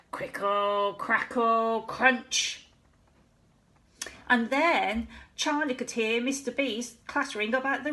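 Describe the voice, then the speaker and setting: A woman teacher reading a children's story aloud, slow and expressive, with playful sound-effect words. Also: fairly high pitch, slight background noise.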